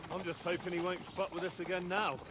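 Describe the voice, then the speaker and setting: A man's voice: high voice, level tone, a little fast, noisy background, lightly acted. A man voicing a blunt, dry-witted young commoner in a video game cutscene.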